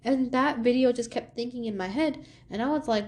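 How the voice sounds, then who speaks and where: A young woman hosting a podcast, telling a personal story in a casual monologue and acting out the quoted lines with sudden jumps in pitch. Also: fairly quick, few pauses. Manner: animated, acts out quoted dialogue with pitch jumps. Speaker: podcast host.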